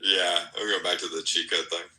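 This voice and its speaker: Low-voiced young american dude, casual podcast banter, swears a lot, sharp bright tone. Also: male voice, level tone, fairly quick, rough recording. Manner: loose, laughing, swears a lot.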